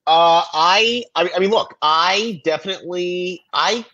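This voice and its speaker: A man co-hosting a podcast, chatting casually with lively stammering restarts. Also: sits high, a little slow, muffled recording. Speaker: podcast co-host. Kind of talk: casual recap chat.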